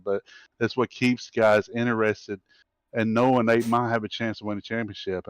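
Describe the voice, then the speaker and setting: A man who runs the racing league and drives in it, giving a halting post-race interview and often repeating his words. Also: lowish voice, clear, resonant tone, no echo.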